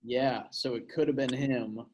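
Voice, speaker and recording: A man's voice: mid-range voice, fairly even intonation, a little slow, crowd noise. Rambling, crude young man on a podcast. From Portland, Oregon. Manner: rambling, crude, lots of filler words. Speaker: podcast co-host. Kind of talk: casual storytelling chat.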